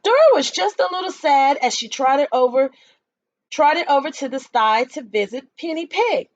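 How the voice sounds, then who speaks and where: A woman's voice: high voice, animated, moderate pace, no echo. A woman reading a picture book aloud to children, stopping to explain words and ask questions. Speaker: storytime reader for children. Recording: dull lo-fi dry recording.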